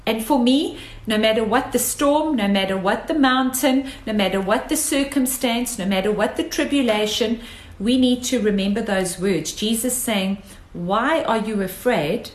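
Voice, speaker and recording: A woman's voice: fairly high pitch, moderate pace. A woman preaching a sermon, emphatic and fond of repeating phrases for effect. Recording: echoey room.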